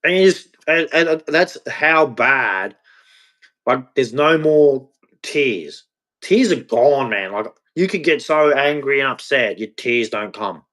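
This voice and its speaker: Man, mid-pitched voice, confessional vlog, halting, repeats himself, swears freely. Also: expressive, fairly bright tone. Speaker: vlogger.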